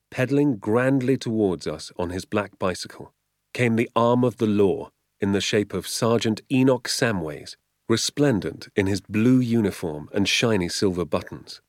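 A man reading a children's novel aloud as an audiobook, with measured, vivid storytelling. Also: fairly low pitch, no room sound, studio quality. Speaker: audiobook reader. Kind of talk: audiobook narration.

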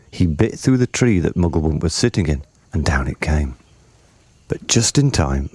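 A man narrating a children's story in a measured, expressive reading. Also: deep voice, dry recording.

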